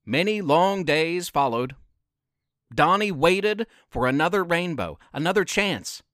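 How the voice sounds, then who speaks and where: A male storyteller narrating a children's adventure story. He reads slowly with a lively, rising and falling pitch, a little higher than most men. The recording is dry and close. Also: no room sound. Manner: slow, expressive reading. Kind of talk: scripted narration.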